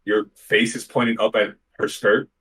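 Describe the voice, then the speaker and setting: A man's voice: lowish voice, flat delivery, moderate pace, bright, forceful tone, slightly rough. A man co-hosting a gaming podcast, easygoing and telling anecdotes. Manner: easygoing storyteller, acts out quotes. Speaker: podcast co-host. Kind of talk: casual gaming news chat.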